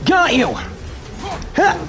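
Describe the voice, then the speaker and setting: A man giving live commentary as he plays a video game, yelling and reacting loudly. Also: extremely high pitch, very slow, vocal fry. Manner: loud excitable yelling at the game. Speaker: gaming streamer. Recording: game music behind the voice.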